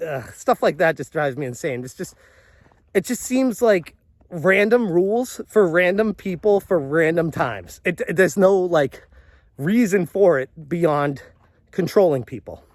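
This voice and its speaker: A man's voice: a little high, lively intonation, normal speed, no room sound. A man telling a story as a vlogger, exasperated and rambling, often restarting his sentences. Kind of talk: storytelling commentary.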